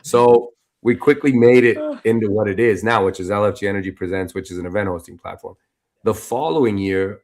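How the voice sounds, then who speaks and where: A man guest on a podcast, telling a story in a loose, animated, conversational way with lots of filler phrases. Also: low-pitched. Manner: animated, loose and conversational, full of "you know" and "like". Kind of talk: casual storytelling interview.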